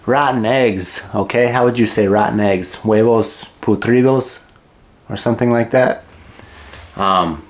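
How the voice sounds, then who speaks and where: A man's voice: lowish voice, measured pace. A middle-aged man teaching English in a casual, joking way, repeating key words and chuckling at his own asides.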